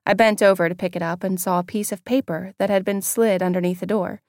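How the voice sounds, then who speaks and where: A woman's voice: mid-range voice, fairly even intonation, fairly quick, a little mellow, no room sound, studio quality. A woman reading a first-person audiobook in a candid, wry storytelling manner. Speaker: audiobook narrator.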